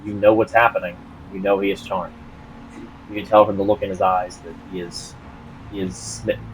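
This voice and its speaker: A man narrating as game master of a tabletop game, halting with many fillers and restarts. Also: sits low, flat delivery, a little hiss or hum, rough recording.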